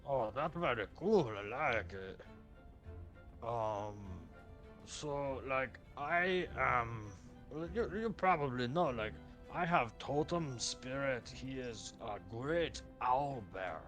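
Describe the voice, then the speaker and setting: Man playing a male orc, broken English, slow and halting, mid-pitched. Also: expressive, fairly bright tone, faint music behind. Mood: earnest. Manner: broken English, hesitant, full of "like" and "um". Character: earnest male orc with an owlbear totem. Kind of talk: tabletop role-play voicing.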